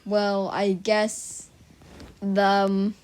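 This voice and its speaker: A woman's voice: mid-range voice, completely flat delivery, drawn-out words, a little mellow, clear, resonant tone. A teenage girl rambling casually to her viewers in a silly, chatty vlog, full of "like" and tangents. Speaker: vlogger.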